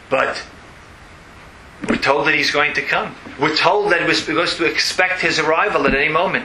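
A man's voice: a little high, sharp tone, echoey room, slight background noise, poor audio. Earnest man teaching a religious lesson. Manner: earnest, explanatory, repeats key phrases. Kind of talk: Torah lesson with storytelling.

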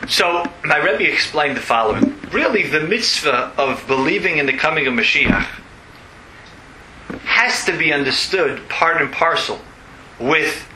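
A man's voice: a little high, roomy sound, noisy background. Earnest man teaching a religious lesson. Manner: earnest, explanatory, repeats key phrases. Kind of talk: Torah lesson with storytelling.

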